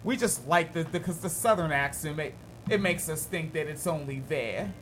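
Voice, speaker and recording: A man's voice: on the high side, expressive, normal speed, music in the background. Joking slangy male podcast host. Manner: joking, laughs often, loose slangy talk. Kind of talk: casual political chat.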